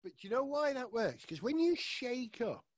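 A man's voice: extremely high pitch, very animated, moderate pace, no echo. A man presenting a playful science demonstration from his living room and talking straight to children. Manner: enthusiastic, playful, addresses children directly.

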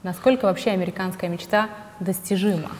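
A woman asking measured interview questions. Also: medium pitch, fairly even intonation, darkish tone, in a large hall, slight background noise.

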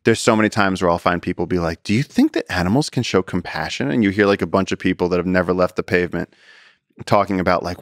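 A man speaking as a podcast guest, a conservationist and explorer, telling stories in an animated, casual way and often repeating words as he goes. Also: low-pitched, fast talker, no room sound, clean studio sound. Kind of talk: casual storytelling conversation.

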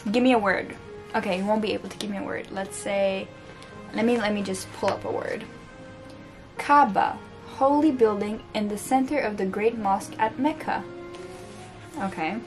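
Music plays in the background as a woman with a medium-pitched voice speaks at a moderate pace, pausing often. This tired book vlogger with a French accent chats while unboxing books in a home room with books on the floor, teasing herself and tripping over words.

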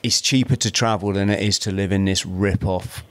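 A man in his fifties from South-East London with an English accent, a podcast guest telling his story in a rambling, animated way with lots of restarts and swearing. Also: low-pitched, normal speed, slight background noise. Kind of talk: casual storytelling.

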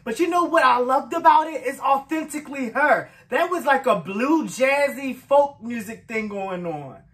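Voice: high voice, expressive, moderate pace, a bit bright. A music reaction host giving casual commentary, effusive and emotional, laughing often and talking straight to the viewers.

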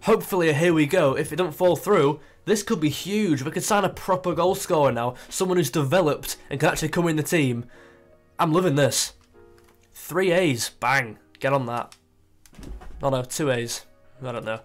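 A young man chatting casually as he plays a football management game, thinking aloud and getting excited. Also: on the high side, normal speed, faint music behind. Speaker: gaming YouTuber. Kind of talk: casual gameplay commentary.

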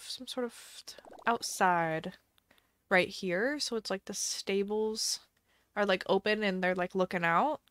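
A woman's voice: mid-range voice, fairly bright tone. A woman streamer chatting casually on a live game stream, thinking aloud and musing indecisively as she plays.

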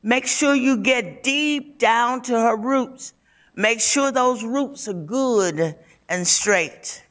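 A woman's voice: on the high side, slow pace, fairly bright tone, pitched above the performer's own voice. A woman voicing a stern old grandmother, giving insistent orders from a story. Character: stern old grandmother fussing over a child's hair.

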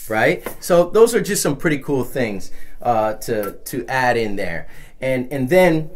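A man gives a casual music lesson in an easygoing, loose way, circling back and restarting his sentences as he explains. His voice sits in an ordinary middle pitch, with shakers rattling behind him. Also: unhurried. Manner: relaxed, rambling explanations with restarts. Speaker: music teacher. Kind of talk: casual instructional talk.

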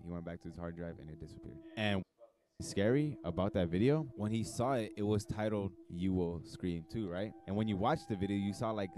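A man's voice: sits low, dark tone. A man telling a creepy story on a podcast in a rambling way, often asking "right?". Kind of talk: casual storytelling.

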